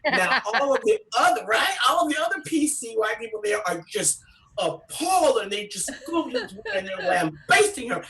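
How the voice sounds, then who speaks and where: A woman comedian doing an animated stand-up storytelling set, salty and quick to act out other people's voices. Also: fairly high pitch, far from the mic, rough recording. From San Francisco Bay Area.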